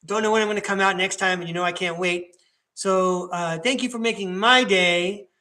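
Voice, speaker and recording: He reads tarot live in a high, pushed, bright voice, keeping a steady tone at a moderate pace. The podcast host stays upbeat and encouraging, chatting casually and speaking right to the listener.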